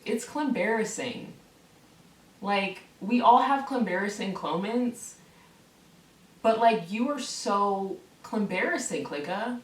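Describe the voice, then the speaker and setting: A woman vents in a profane, heated vlog rant, her voice at an ordinary middle pitch. She hammers the same words for emphasis. She sits back from the mic, and the room gives her voice a roomy echo. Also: animated, slow, recorded from a distance. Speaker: online video creator. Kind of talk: ranting vlog.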